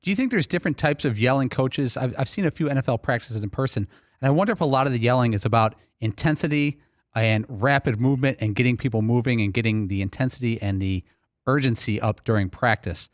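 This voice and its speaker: A man co-hosting a sports talk radio show in a studio, asking questions in a measured way. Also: mid-range voice, no room sound. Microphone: studio mic.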